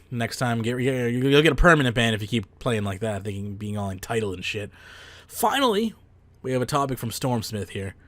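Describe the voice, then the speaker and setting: A man's voice: on the low side, no room sound. A man hosting a casual podcast, rambling with fillers and the odd swear. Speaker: podcast host. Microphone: close headset mic.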